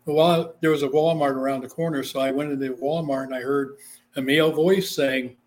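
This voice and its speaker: A middle-aged man tells his stories with animation, his voice sitting a little above the usual male pitch. He is a guest being interviewed about his book, and he slips into the voices of the people he describes. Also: brisk. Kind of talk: storytelling in an interview.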